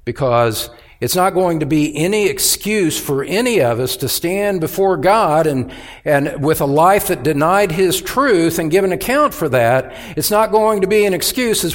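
A man's voice: fairly high pitch, expressive, normal speed. A man preaching a sermon as pastor, earnest and urgent, pressing each point with emphasis.

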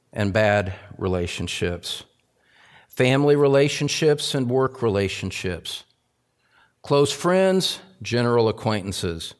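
A man preaches as pastor with emphasis, returning again and again to key phrases while his voice rises loudly and then falls low and quiet.

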